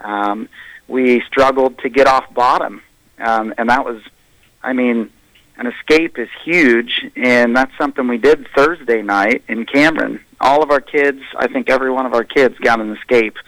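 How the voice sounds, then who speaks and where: A man, a high school wrestling coach, giving a candid, plainspoken assessment in a radio interview. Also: normal speed, fairly bright tone, no echo, low-quality recording. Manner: candid, plainspoken self-critique.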